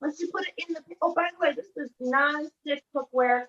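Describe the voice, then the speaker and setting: A woman's voice: sits high, brisk, fairly bright tone, reverberant. A woman giving a casual cooking demonstration in a kitchen, chatty and keeps checking in with the viewer. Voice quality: chatty, keeps checking in with "okay?" and "all right?". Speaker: product demonstrator. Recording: dull lo-fi sound with faint noise.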